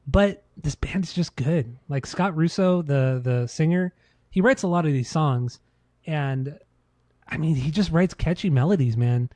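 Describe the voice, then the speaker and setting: A man's voice: medium pitch, warm tone, dry recording. A man co-hosting a podcast, chatting casually and profanely about albums in a loose, rambling way. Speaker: podcast co-host. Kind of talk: casual music review chat.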